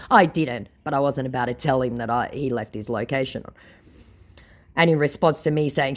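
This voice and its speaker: A woman's voice: extremely low pitch, expressive, a little fast. A woman telling a funny story in a sarcastic, mocking way. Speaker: narrator. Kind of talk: comedic storytelling.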